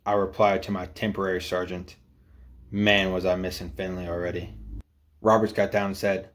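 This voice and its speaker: A man with a very low, deep voice reads a first-person military story aloud. His delivery is steady and matter-of-fact, like a plain narrated account. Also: moderate pace.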